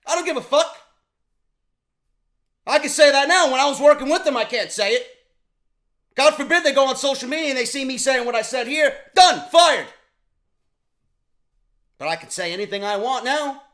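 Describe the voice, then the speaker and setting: A vlog host delivers a profane rant. His voice sits very high and sounds bright and edgy. He swings from shouted outbursts down to low, grumbling asides. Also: a little fast, pauses often. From New York. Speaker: YouTube show host. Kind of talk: ranting commentary vlog.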